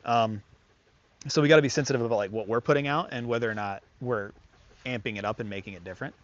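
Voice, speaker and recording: Male dog trainer, casual and chatty, fillers everywhere, mid pitch, muffled lo-fi recording. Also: fast. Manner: chatty, filler-heavy, talks to the dog in bursts of praise and commands. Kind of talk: casual hands-on lesson.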